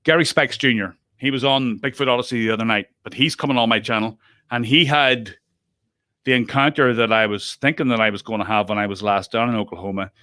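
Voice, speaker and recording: A man's voice: medium pitch, a little fast, sharp tone, no echo. A man hosting a podcast, chatting casually with guests, self-interrupting and laughing often. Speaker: podcast host. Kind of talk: casual group chat.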